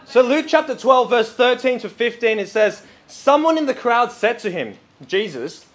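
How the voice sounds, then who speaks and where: Speaking at a moderate pace with few pauses, a fairly high-voiced male preacher delivers a loose, conversational sermon. He wanders warmly from story to story in a lively, chatty manner, full of fillers and restarts.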